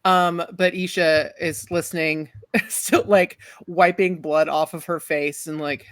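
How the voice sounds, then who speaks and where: A woman's voice: lowish voice, steady tone, measured pace, no room sound, studio quality. A woman narrating as game master of a tabletop role-playing game, giggly and rambling with many fillers.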